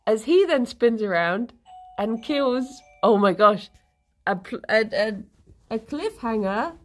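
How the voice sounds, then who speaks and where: A woman's voice: on the high side, animated, takes it slowly. A woman streamer casually telling a rambling story to her live chat, laughing often and correcting herself as she goes.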